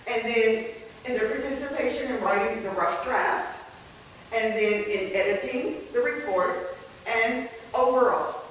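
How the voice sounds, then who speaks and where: A woman's voice: fairly high pitch, far from the mic, a little hiss or hum. Woman lecturing in an echoey room. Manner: conversational, checks in with "okay?". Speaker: language teacher presenting a workshop. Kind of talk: teaching workshop talk.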